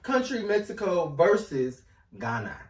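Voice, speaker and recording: A man from North Carolina co-hosting a casual discussion podcast, telling stories in an animated way with lively asides. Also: high voice, a little slow. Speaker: podcast co-host. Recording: roomy echo, mic at a distance.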